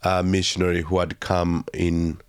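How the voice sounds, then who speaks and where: A man from Uganda telling his life story as an interview guest, speaking haltingly with many fillers and restarts. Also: low voice, little pitch movement, clear, resonant tone.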